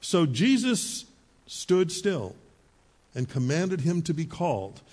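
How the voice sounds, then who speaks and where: A middle-aged male pastor preaching a sermon in a conversational storytelling manner, with quick asides to the congregation. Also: fairly high pitch, sing-song, darkish tone.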